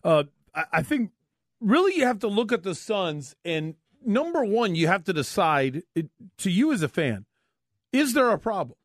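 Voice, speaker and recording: Sports radio man, high lively voice, sarcastic and opinionated, dry studio. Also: normal speed, no echo.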